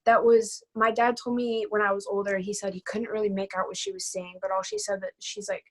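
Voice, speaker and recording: A woman's voice: fairly high pitch, fairly quick, vocal fry. A nineteen-year-old woman talking in a casual interview, her speech full of "like" fillers. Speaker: guest. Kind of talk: personal storytelling interview.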